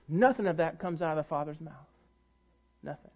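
A man's voice: fairly high pitch, fairly quick, a little mellow, dull audio. A man, the pastor of the church, preaching a sermon with emphatic rises and drops in force.

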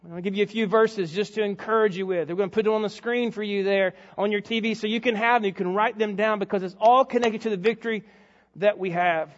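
A man's voice: sits high, steady tone, fast talker. A man preaching a televised sermon as pastor, emphatic and repeating key words for effect. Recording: dull sound with long hall reverb.

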